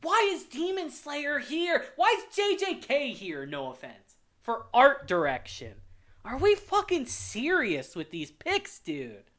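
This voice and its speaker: A man's voice: extremely high pitch, wildly swooping pitch, slow, fairly bright tone. A young man hosting his own channel, ranting in a heated, profane, exasperated way while reacting to a list. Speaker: anime reviewer, channel host. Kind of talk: casual reaction rant.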